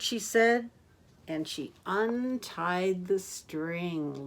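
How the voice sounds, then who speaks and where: Older woman storyteller, slow read-aloud for kids, gentle and animated. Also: mid-range voice. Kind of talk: reading picture books aloud to children.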